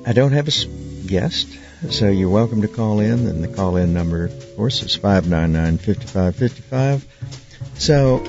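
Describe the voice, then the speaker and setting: A dentist hosts a call-in radio show, explaining things patiently with frequent fillers and restarts. He has a low, gravelly voice, and the studio recording sounds dry and slightly muffled.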